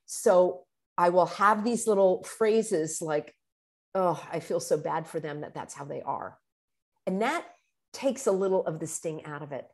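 A middle-aged woman giving earnest, animated self-help advice as a video host, dropping to a hushed tone for the phrases she quotes. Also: on the low side, unhurried. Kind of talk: motivational self-help talk.

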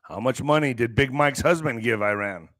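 A middle-aged podcast host from the US border region reads out the news and mocks it, swearing his way through an emphatic, sarcastic rant. His medium-pitched voice is fairly bright and moves at a moderate pace, captured with studio quality and no room sound.

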